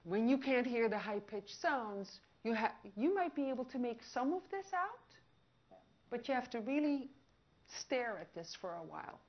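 A woman giving a lively public presentation on hearing. She asks the audience questions and acts out short scenes. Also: a little high, normal speed. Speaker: audiologist giving a public talk. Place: outdoor picnic gathering. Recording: dull lo-fi recording.

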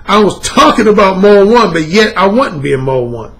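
A man with a high, very lively voice telling a personal story as a dating coach. His pitch swings widely as he talks. His delivery is profane and animated, with laughter breaking in. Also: normal speed. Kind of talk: storytelling monologue.

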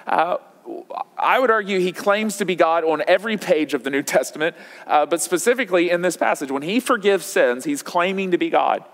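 A man's voice: fairly high pitch, lively intonation, brisk. A man in his thirties, a pastor preaching a sermon in a church, talking conversationally with many fillers and restarts. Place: church auditorium. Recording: long hall reverb.

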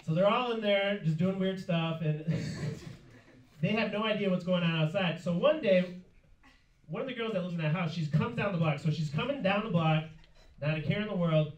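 A man with a high voice performs a stand-up set in a club at normal speed, telling a story and laughing through his lines. The recording has a roomy, far-off club sound and a loud audience.

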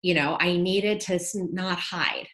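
A woman's voice: lowish voice, fairly even intonation, unhurried, a bit bright. A woman, a podcast guest talking earnestly and reflectively in a casual interview. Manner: earnest, reflective, uses like and you know.

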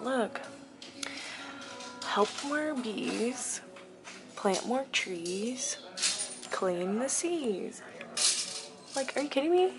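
A young woman in a casual shop-with-me vlog, chatty and excited, often dropping to a whisper, filmed on a handheld camera inside a thrift store. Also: mid-range voice. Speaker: vlogger. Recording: store noise in background.

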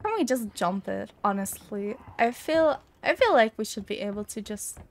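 With a gravelly, animated mid-range voice at a moderate pace, a young woman plays a horror game on stream. She chats casually, reads notes aloud and gets spooked without much provocation.

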